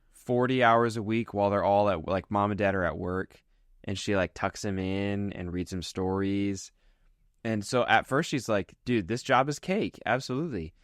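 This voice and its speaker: A man co-hosting a casual movie podcast, describing a film in a relaxed, chatty way. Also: low-pitched, no echo, studio quality. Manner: relaxed, chatty storytelling with many fillers. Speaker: podcast co-host. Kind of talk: casual chat.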